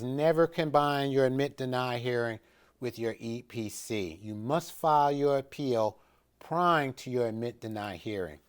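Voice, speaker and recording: A man's voice: mid-range voice, smooth. A middle-aged man teaching in an informal, conversational way, pressing his points firmly and often restarting his sentences. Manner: conversational and emphatic, with frequent restarts and fillers. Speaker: instructor of an educational video series. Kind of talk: informal instructional talk.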